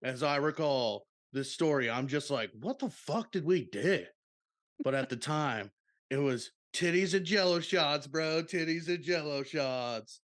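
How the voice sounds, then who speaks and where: A man's voice: fairly high pitch, expressive, unhurried, fairly bright tone, voice pushed up. A man doing a laid-back surfer-dude voice as he reads out a listener's story, drawling and calling everyone dude and bro. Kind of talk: comic reading of a listener submission.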